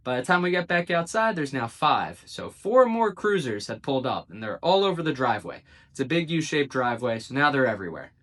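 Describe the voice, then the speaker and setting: A man's voice: mid-range voice, very animated, brisk, a bit bright. A man, a real estate agent, casually tells a story to camera. He acts out the quoted dialogue and drops dry, sarcastic asides. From South Jersey, United States.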